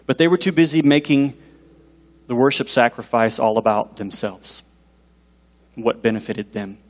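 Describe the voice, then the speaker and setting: A man preaching a sermon as a pastor. He talks in an animated way and asks the congregation questions. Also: medium pitch, normal speed. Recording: long reverb in a large hall.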